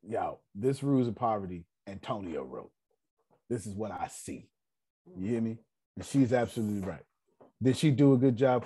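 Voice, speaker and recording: Brief: male seminar leader, husky voice, animated preacherly delivery. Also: lowish voice. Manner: preacherly, rhetorical questions to the audience. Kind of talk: motivational teaching.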